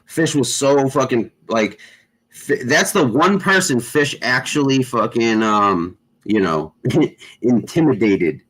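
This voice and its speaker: A man's voice: medium pitch, lively intonation, takes it slowly, fairly bright tone, low-quality recording. A man hosting a casual chat show, rambling with lots of fillers and constant swearing. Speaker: show host.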